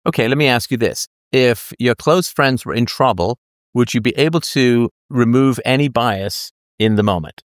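Host, male, mid pitch, playful and halting, dry close sound. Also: dry recording. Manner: playful, halting, many restarts. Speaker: podcast host. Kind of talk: casual chat reading a listener question.

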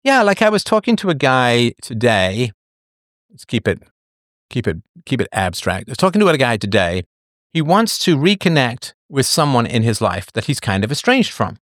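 A man's voice: mid-range voice, sing-song, moderate pace, fairly bright tone, dry recording. Dry-voiced man hosting a comment show. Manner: digressive, laughs often, sardonic asides. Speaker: show host answering viewer comments. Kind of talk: casual livestream monologue.

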